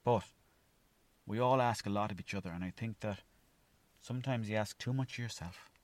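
Man, Irish Mayo accent, young adult, low voice, dry close sound, animated rambling storyteller. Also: normal speed, no echo. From Ireland. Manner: animated storytelling, acts out his own thoughts; swears freely. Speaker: podcast host. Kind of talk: rambling solo monologue.

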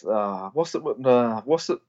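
A man's voice: mid-range voice, expressive, moderate pace, a little mellow, highs cut off. A man co-hosting a casual podcast, blunt and self-deprecating, with some mild swearing. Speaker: podcast co-host. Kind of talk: casual chat.

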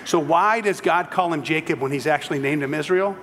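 A man's voice: on the high side, fairly quick, fairly bright tone, a little hiss or hum. Give me a male pastor giving a sermon, casual storyteller, with a long hall reverb behind him. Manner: conversational storytelling with humorous asides.

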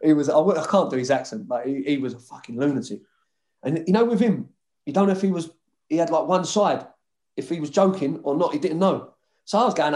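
A man's voice: fairly high pitch, expressive, quick pace, a little mellow. A man telling rowdy stories about his football days in a casual chat, swearing freely and laughing often. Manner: swears a lot, laughs often, mimics others. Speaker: former footballer guest.

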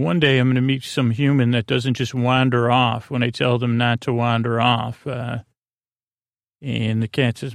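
A man hosting a sleep podcast, recapping an episode in a halting way, with many fillers and restarts as he quotes dialogue. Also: mid-range voice, gravelly, no room sound. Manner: retells dialogue in a flat quoting voice. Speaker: podcast host.

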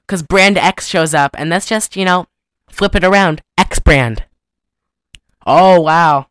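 A woman's voice: slow, clear, resonant tone, dry recording, studio quality. A young woman co-hosting a podcast, recapping a movie in a rambling, giggly chat. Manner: rambling, giggly, sings snatches in falsetto. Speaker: podcast co-host.

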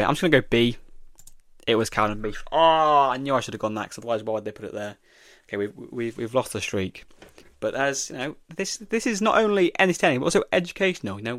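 Male host, young, mid-pitched, dry recording; muses his way through a play-along quiz. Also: dry recording. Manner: thinks aloud, reading questions and guessing. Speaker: podcast host. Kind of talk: solo football quiz podcast.

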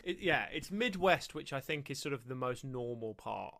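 A man's voice: medium pitch, lively intonation, moderate pace, vocal fry, crowd noise. A British man co-hosting a podcast, chatting casually in a joking, rambling way. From Britain. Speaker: podcast co-host. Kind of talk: casual chat.

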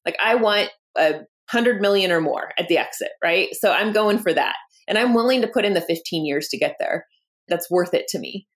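Animated woman founder telling stories. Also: fairly low pitch, normal speed. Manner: animated, acts out quoted dialogue, laughs often. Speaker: founder and guest. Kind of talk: candid interview storytelling.

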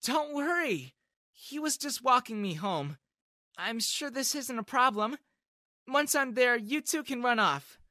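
A storyteller voicing a sweet, lighthearted young woman who is quick to feel hurt. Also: a little high, expressive, no room sound, clean studio sound, voice pushed up. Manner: sweet, then yelling in anger.

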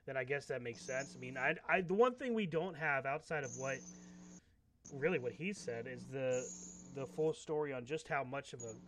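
A man's voice: medium pitch, normal speed, slight background noise. A man co-hosting a podcast, chatting casually, steering the topics and asking his partner questions. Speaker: podcast co-host. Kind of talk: casual wrestling chat.

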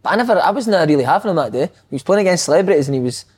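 A Scottish former footballer in casual chat, telling animated stories and laughing often. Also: male voice, a little high, racing, breathy edge.

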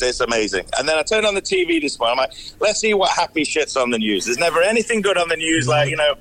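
Manchester guy angry sweary rant, jumps all over in pitch, faint noise. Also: a bit bright, poor audio. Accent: Mancunian English. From Manchester, England. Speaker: guest comic ranting. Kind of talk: profane comic rant.

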